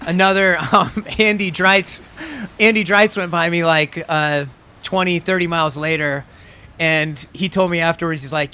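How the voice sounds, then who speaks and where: A man in his thirties, a pro athlete talking through an interview in an easygoing way, full of "you know" and "like." His voice is bright and smooth, pitched a bit high for a man. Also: steady tone, normal speed. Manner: easygoing, frequent fillers and laughs. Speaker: pro triathlete guest. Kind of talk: casual interview.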